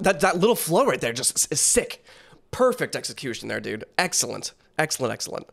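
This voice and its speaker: A man's voice: a little high, very animated, a little fast, vocal fry, fairly bright tone. A young man hosting a casual reaction video, rambling with lots of fillers and restarts as he thinks aloud.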